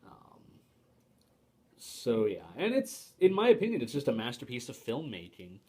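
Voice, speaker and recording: A man's voice: mid-range voice, huge pitch swings, normal speed, dark tone, husky. A young man giving a casual spoken book review to camera, hesitant, with frequent fillers and restarts, and opinionated.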